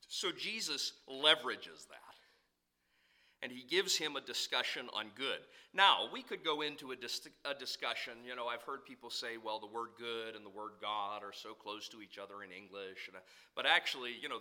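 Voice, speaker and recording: A young man preaching a sermon, moving between loud emphatic declarations and quieter conversational asides to the congregation. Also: mid-range voice.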